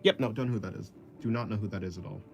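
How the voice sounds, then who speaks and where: Streaming while he draws, a young man chats casually, reads viewer comments, rambles, and pokes fun at himself, laughing often. His voice is lowish and very fast with a creaky edge, and the muffled recording carries faint background music.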